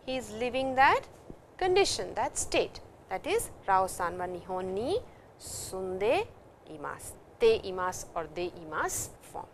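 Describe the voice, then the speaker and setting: A woman's voice: medium pitch, sing-song, unhurried, a little hiss or hum. A woman with an Indian English accent teaching a recorded Japanese language lecture, reading example sentences and explaining them in English.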